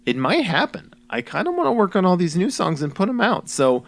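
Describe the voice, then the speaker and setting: A man's voice: sits high, very animated, fairly quick, creaky, fairly bright tone. A young man musician rambling goofily through his own album commentary, joking at himself with lots of fillers. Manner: goofy, self-mocking, many fillers.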